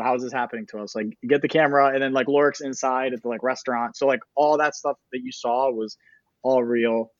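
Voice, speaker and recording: A man's voice: mid-range voice, steady tone, fast, dry recording, lo-fi sound. A man telling a behind-the-scenes filmmaking story in a casual interview, rambling with lots of fillers and restarts. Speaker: documentary filmmaker guest.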